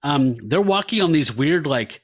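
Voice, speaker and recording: A podcast host with a fairly high-pitched voice chats through comic panels, animated and rambling, dropping "um" and "like" as he goes. He sounds relaxed and enthused in casual talk. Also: unhurried. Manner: animated, describes panels with many fillers. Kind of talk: casual comic-book discussion.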